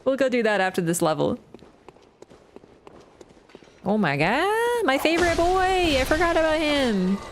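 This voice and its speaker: A woman's voice: high voice, very animated, a little slow, pauses often, a little hiss or hum. A woman streaming a game live, chatting casually, swearing freely and often bursting into laughter. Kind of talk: casual live-stream commentary while playing.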